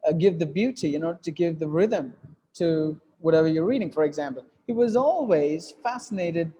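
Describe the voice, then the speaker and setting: A man's voice: on the high side, a little fast, warm tone, in a large hall, muffled recording. A man teaching an English lesson to a class, explaining step by step with fillers and repeated phrases. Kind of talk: classroom lesson on reading aloud. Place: classroom with students.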